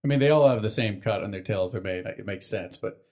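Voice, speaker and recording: A young man co-hosting a casual podcast, swearing freely and rambling as he recaps a cartoon episode, jumping into quick character voices. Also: on the low side, darkish tone. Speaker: podcast co-host.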